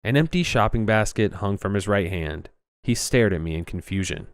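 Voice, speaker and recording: A man's voice: on the low side, expressive, moderate pace, clear, resonant tone, dry recording, studio quality. A man narrating a first-person horror story in a tense, suspenseful reading, voicing the dialogue himself.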